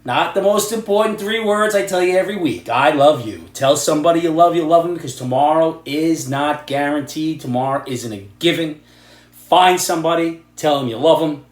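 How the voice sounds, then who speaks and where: A middle-aged man from Ireland, ranting loudly and sarcastically about the news in a vlog. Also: fairly high pitch, moderate pace. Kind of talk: angry political rant vlog. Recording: echoey room.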